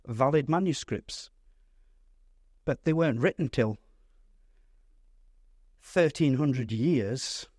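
A man, a pastor, teaching a Bible study in a lively, conversational way, putting questions to his audience. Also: fairly high pitch, dry recording, studio quality.

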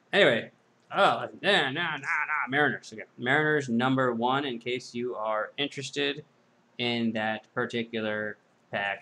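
Male host, casual sales patter, mid-pitched voice, drifts into goofy self-deprecating asides. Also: a bit bright, a little hiss or hum. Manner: rambling, self-mocking jokes. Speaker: host of a card-break sales video.

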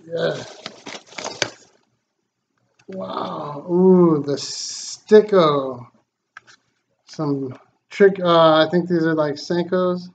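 Casual vlog host, male, slow, excitable and grateful; dull lo-fi recording. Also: fairly high pitch. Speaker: fishing channel host. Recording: slightly dull lo-fi sound, faint noise.

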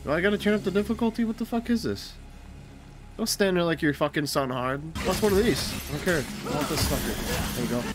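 A man giving casual, excitable gameplay commentary with plenty of cursing and trash talk, his nose stuffy. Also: fairly high pitch, fast talker. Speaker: gaming video creator. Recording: game music behind.

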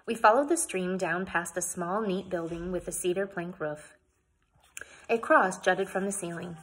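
A woman's voice: fairly low pitch, normal speed, husky. A woman reading a novel aloud, narrating plainly and adding casual asides of her own. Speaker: audiobook reader.

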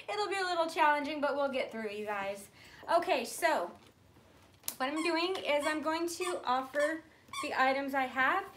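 High-voiced chatty woman hosting a live sale. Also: expressive, a little slow, long pauses, a bit bright, slight background noise. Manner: chatty and friendly, coos at her pets in a high voice. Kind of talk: casual live-stream chat. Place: room at home in natural light, pets nearby.

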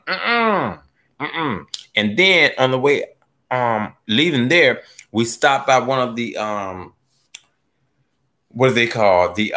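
Animated joking man on a live stream. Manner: animated and joking, swooping from low mutters to high squeals; playful, laughs often. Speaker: gardening livestream host. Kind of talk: casual live-stream chat reading viewer comments.

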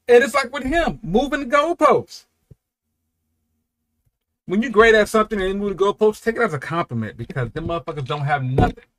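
Reacting to music, this male host talks loosely and excitedly, swearing a lot as he swings from low mumbles to loud bursts.

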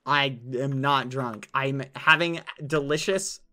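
A man's voice: mid-range voice, slow pace, sharp tone. A man streaming a game, arguing in comedic in-character role-play with an indignant, insistent, dramatic manner.

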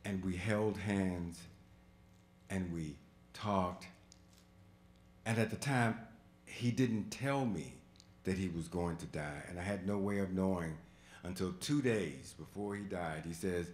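Guy telling his story live on a stage, slow and bright, goes quiet then loud, roomy hall sound. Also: on the low side, a little hiss or hum. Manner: animated, swinging from hushed to loud exclamations. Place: museum auditorium before a live audience. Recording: echoey hall.

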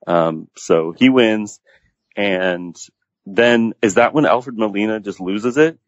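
A man's voice: on the low side, slow, no room sound. A man on a podcast who casually and animatedly retells movie scenes at length. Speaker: podcast guest. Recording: dull lo-fi audio.

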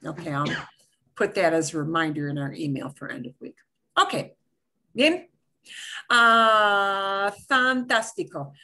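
A woman's voice: mid-range voice, a little slow, long pauses, pushed and bright. A woman teaching a beginner language class, explaining with lots of examples and repetition. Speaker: Spanish teacher. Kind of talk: live online language class.

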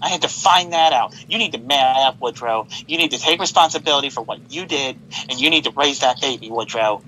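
A betrayed cartoon lover hammers out accusations and threats, voiced by a man. His voice is bright and forceful at a middle pitch. There is a faint hiss in the background. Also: brisk, close to an everyday voice, poor audio. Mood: accusing. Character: betrayed, furious lover confronting a liar.

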